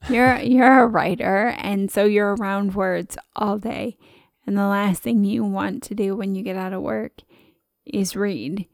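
A woman co-host talking in a chatty, animated way, often breaking into laughter. Her voice has a noticeable gravelly fry. The sound is dry and close to the mic. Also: medium pitch, a little slow, dry recording. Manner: chatty and expressive, with frequent laughs. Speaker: podcast co-host. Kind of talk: casual conversation.

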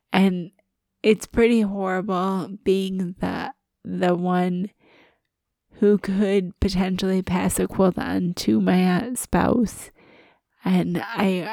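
A woman's voice: fairly low pitch, creaky, dark tone, dry recording. A woman co-hosting a casual podcast, stuffy with a head cold, talking candidly and self-deprecatingly. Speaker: podcast co-host.

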